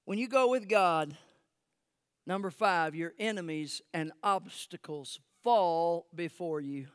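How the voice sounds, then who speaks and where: A man preaching a sermon as pastor, swinging from shouted peaks to hushed, close asides. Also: fairly high pitch, takes it slowly, clear, resonant tone, dry recording. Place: church sanctuary.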